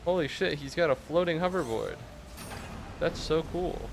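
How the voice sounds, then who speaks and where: A man streaming a game and chatting with viewers in a casual, deadpan, mock-serious way, with some swearing. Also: a little high, normal speed, vocal fry, background noise. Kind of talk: casual gameplay chat with viewers.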